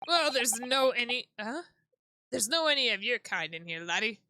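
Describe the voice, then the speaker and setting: A woman voicing a gruff, hostile male prison governor who blusters and threatens, with dialect words. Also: a little high, lively intonation, normal speed, bright, forceful tone, no room sound. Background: background music.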